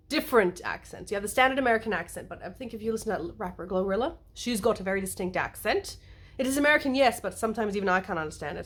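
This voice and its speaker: A woman vlogging a casual monologue to camera, playful and animated, wandering into asides and acting out little quotes. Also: mid-range voice, fast, breathy edge. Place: lives in the United States.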